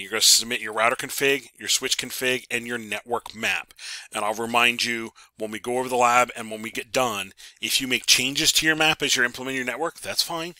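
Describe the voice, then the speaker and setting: A man's voice: mid-range voice, bright, forceful tone, no room sound. A man teaching a networking class over a screen recording, talking casually with many ums and repeated words. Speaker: networking instructor.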